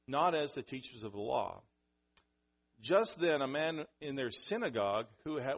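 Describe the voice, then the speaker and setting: A man preaching a sermon, animated, acting out scenes with sudden loud outbursts. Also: medium pitch, dull audio. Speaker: pastor.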